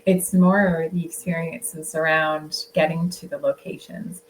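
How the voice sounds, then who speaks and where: A woman's voice: low voice, little pitch movement, a little slow, a little hiss or hum, poor audio. A woman author talking casually as a podcast guest, rambling a little with many fillers and restarts. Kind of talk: casual interview chat.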